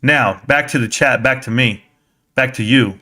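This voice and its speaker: A man's voice: mid-range voice, a little slow, bright, forceful tone. A man hosting a stock market live stream, ranting heatedly and combatively as he answers his chat.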